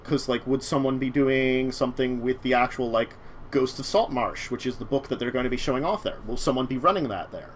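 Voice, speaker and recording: A man's voice: medium pitch, brisk, slight background noise. A man hosting a casual chat show about tabletop games, talking in a rambling way. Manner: rambling, many fillers and restarts. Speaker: talk show host.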